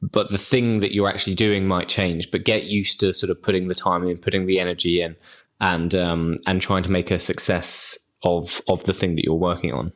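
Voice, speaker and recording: A man with a very low voice co-hosts a casual podcast. He speaks with open emotion and lets out sighs as he describes the music he loves. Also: flat delivery, normal speed. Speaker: podcast co-host.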